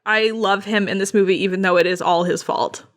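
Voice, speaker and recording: A woman co-hosting a podcast in casual chat, enthusiastic and quick, with lots of "like" and "yeah". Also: mid-range voice, fairly even intonation.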